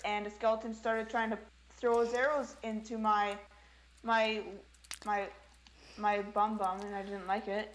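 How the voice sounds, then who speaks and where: A woman's voice: mid-range voice, pushed and bright, slight background noise, poor audio. A young woman playing a game alongside the host, teasing him in casual chat. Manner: teasing, playful. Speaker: co-player.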